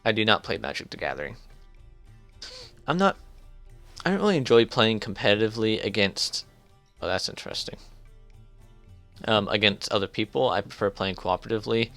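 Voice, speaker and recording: A man streaming a card game live, thinking aloud in halting starts while his voice grows strained. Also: on the low side, very animated, a bit bright, no room sound, faint music behind. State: strained, fading voice. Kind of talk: casual live gameplay commentary.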